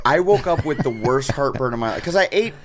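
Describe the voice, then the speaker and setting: Storytelling man, mid-pitched voice. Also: brisk. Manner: animated storyteller acting out dialogue. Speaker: touring comedian and podcast guest. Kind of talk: casual podcast chat.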